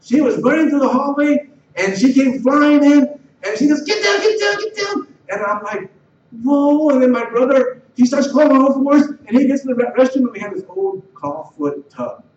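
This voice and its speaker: A middle-aged man with a high voice tells his own story casually, stumbling and repeating words as he goes. He is picked up from a distance in an echoey room, and the recording sounds dull with a faint hiss underneath. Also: a little mellow. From Los Angeles area. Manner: halting, repeats words and restarts, voice rising when retelling tense moments. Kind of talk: personal life story, told casually. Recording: roomy, distant, dull and slightly noisy.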